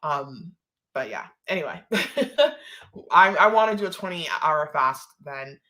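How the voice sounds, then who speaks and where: Bright-voiced chatty woman from the Caribbean. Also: low voice, animated, a little slow. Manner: chatty, lots of "like" and laughing asides. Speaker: host. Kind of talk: casual live-stream Q&A.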